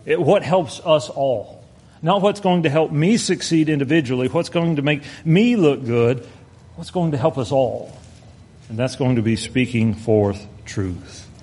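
A man preaching a sermon, earnest, slowing down to stress his points and reading scripture aloud. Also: medium pitch, darkish tone, breathy edge.

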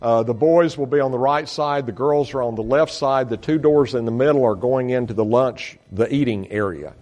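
Here a missionary addresses his supporters in a congregation, walking them through slides. His mid-range voice is slightly mellow and moves at a normal pace, and he sounds folksy and sincere, often using fillers and starting over.

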